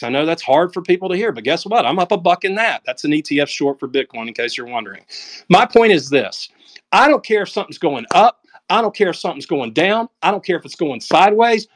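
A man with a Southern drawl giving blunt, emphatic market commentary in casual chat over an audio call, full of folksy sayings. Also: on the high side.

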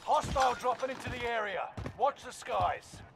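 A man's voice: very high voice, normal speed, vocal fry, heavy background noise. A man voicing a terse military radio announcer in a video game, giving clipped, commanding callouts. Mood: urgent. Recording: game audio under loud music.

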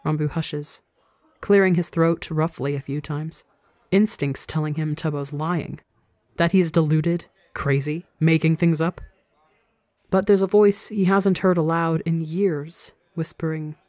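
A story narrator reading in a calm, measured manner, mid-pitched and level. The voice sounds close and dry, with no room around it. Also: no room sound. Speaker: audiobook reader. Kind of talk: fanfiction audiobook narration.

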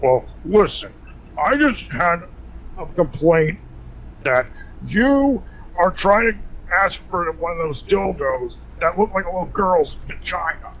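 A man's voice: sits high, very animated, slow pace, a bit bright, lo-fi sound. A man calling into a radio show, taunting and making crude accusations. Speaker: caller. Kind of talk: mocking phone call.

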